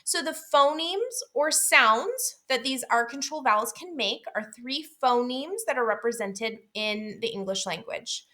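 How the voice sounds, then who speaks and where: A woman teaching a phonics lesson, explaining vowel sounds clearly and deliberately and drawing out single sounds. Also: on the high side, pushed and bright. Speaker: literacy teacher.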